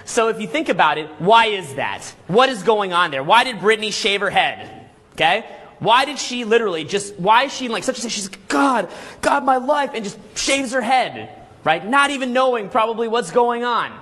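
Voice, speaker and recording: A man giving a live seminar lecture to a room of people, energetic and full of rhetorical questions and "okay?" checks, acting out scenes as he tells them. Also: high voice, moderate pace, breathy edge. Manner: acts out scenes with vivid storytelling. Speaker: seminar speaker.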